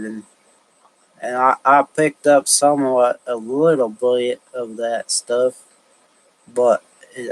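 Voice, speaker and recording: A man talking alone on a livestream, thinking aloud in a halting way with frequent restarts and fillers. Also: medium pitch, rough recording. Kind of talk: rambling solo livestream talk.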